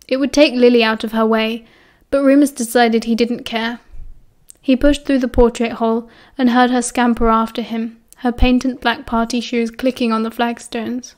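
Brief: British woman, audiobook reader, slightly higher voice, steady storytelling pace. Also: moderate pace. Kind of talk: fan fiction audiobook narration.

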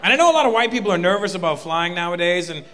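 Bright, punchy male stand-up comic. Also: sits high, rapid-fire, a faint crowd. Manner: animated and punchy, often building to a shout. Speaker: stand-up comedian. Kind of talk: stand-up comedy. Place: large live venue. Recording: live in a reverberant hall.

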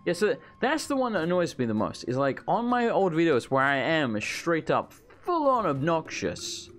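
A man's voice: fairly high pitch, sing-song, moderate pace, fairly bright tone, soft background music. A man giving casual gameplay commentary, ranting and swearing freely. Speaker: let's play gamer.

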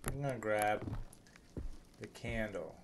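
A young man with a fairly low voice streams a horror game, speaking slowly as he chats nervously and jokingly with viewers during live gameplay commentary. He uses a desk microphone in a home room, and the background is noisy.

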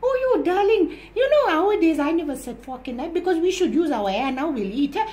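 A woman's voice: extremely high pitch, sing-song, brisk, darkish tone. A woman playing a chatty older auntie, a proud big eater who talks gossipy and keeps calling the listener darling in a comedy sketch. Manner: gossipy, calls listener darling, exclaims often. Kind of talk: comic character monologue.

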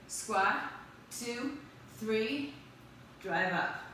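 Calling counts and motivating her group during a live workout, this instructor speaks on the high side in an animated, sharp tone. The cues are quick and the encouragement cheerful, while the distant mic picks up heavy echo and faint noise.

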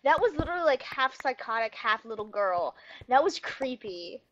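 A teenage girl chats casually and giggles through a game with friends. Her voice sits high and swings widely in pitch. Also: big pitch swings, normal speed, lo-fi sound, over a noisy crowd. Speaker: gamer. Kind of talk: casual gaming chat.

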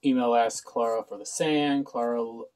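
A man's voice: medium pitch, fairly even intonation, moderate pace, darkish tone, low-quality recording. Sarcastic man recapping a show. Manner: sarcastic, offhand, many "uh" fillers. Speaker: show reviewer. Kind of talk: casual recap review.

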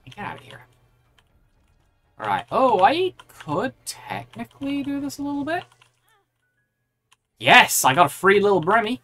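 A woman streaming a video game, reacting aloud and chatting with her viewers as she plays. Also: deep voice. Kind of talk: live gameplay commentary.

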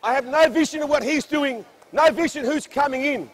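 A man's voice: extremely high pitch, brisk. A man coaching a basketball practice on an indoor court, barking short commands and then explaining drills at length.

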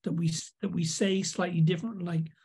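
The older Englishman here has a high, husky, slightly mellow voice with a flat, brisk delivery. In a casual anecdotal interview, the video producer rambles through behind-the-scenes tales, peppered with fillers and restarts.

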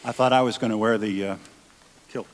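A man performing comic banter and telling jokes in a live radio stage show, animated and quick to slip into comic voices. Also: fairly low pitch. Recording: live theater with long reverb.

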